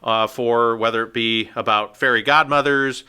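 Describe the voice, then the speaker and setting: A man's voice: medium pitch, steady tone, normal speed, sharp tone, clean tone. A man co-hosting a podcast, chatting in an upbeat, slightly wry way. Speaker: podcast co-host. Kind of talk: casual chat.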